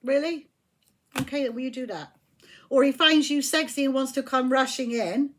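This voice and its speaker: A woman's voice: high voice, moderate pace, slight background noise. A woman giving a casual tarot reading, blunt and emphatic, swearing when riled. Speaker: tarot reader.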